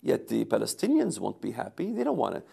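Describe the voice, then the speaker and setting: A man's voice: medium pitch, wildly swooping pitch, brisk, creaky, warm tone, breathy edge. A man giving a lecture recorded for video, speaking emphatically and repeating words for rhetorical effect.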